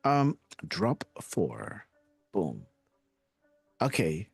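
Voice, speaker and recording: A man hosting a live online show in a casual, excitable way, often laughing and checking in with his listeners. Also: lowish voice, very slow, creaky, breathy edge, no echo, soft background music. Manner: excitable, repeats "guys" and "right?", laughs often. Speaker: livestream host.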